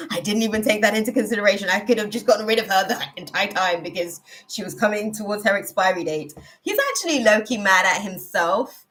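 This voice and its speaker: A woman's voice: medium pitch, quick pace, fairly bright tone. A woman hosting a live tarot reading, chatting casually and laughing often as she talks. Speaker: tarot reader, live-stream host.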